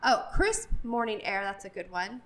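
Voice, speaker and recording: A woman's voice: medium pitch, big pitch swings, moderate pace, fairly bright tone. A woman vlogging a casual walk through a large store, chatty and gushing, with many fillers, recorded on a handheld phone. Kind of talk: casual store walkthrough vlog. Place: large retail store, indoors.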